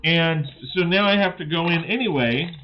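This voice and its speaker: A man's voice: fairly high pitch, moderate pace. A man hosting a livestream, telling a frustrating story in an exasperated, rambling way with lots of fillers. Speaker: livestream host building with toy bricks. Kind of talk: casual livestream chat. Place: indoors in his hobby room. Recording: dull lo-fi sound, faint music behind.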